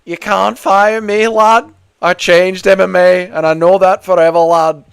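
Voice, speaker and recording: A man puts on a cocky woman fighter, defiant and emphatic. The voice is pitched higher than his own and delivered slowly. It sounds clear and smooth. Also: little pitch movement, no echo.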